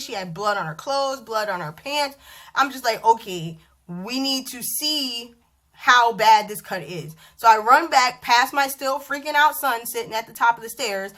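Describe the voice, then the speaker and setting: A woman in her thirties telling a story to camera at home in a chatty, animated vlog style. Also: fairly high pitch. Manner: animated, chatty, acts out dialogue. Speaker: vlogger. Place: bedroom at home.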